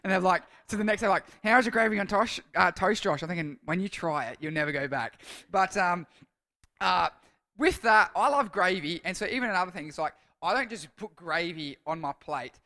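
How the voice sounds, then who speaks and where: A man's voice: high voice, lively intonation, fairly quick, sharp tone. A man with an Australian accent giving a casual sermon, telling a rambling story and often correcting himself as he goes. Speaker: youth speaker.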